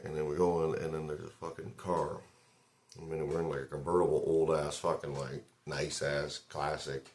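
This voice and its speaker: A man with an extremely deep, low voice recounts a story in a relaxed vlog. He wanders through it casually, swearing often and leaning on fillers as he goes. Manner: rambling, profane, loose retelling full of fillers. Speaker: vlogger.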